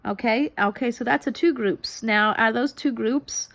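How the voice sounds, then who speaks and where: Chatty woman with a high voice. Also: normal speed, creaky, fairly bright tone. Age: 30s. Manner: rambling, many ums and restarts. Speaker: vlogger reviewing a TV show. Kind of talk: casual chat.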